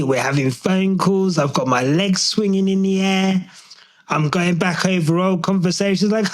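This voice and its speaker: A young British man rants through a solo podcast episode, loose and slangy with lots of swearing, speaking excitably and directly to the listener. His voice sits high for a man and swings widely in pitch as he gets carried away, though his pace stays measured. The recording quality is low.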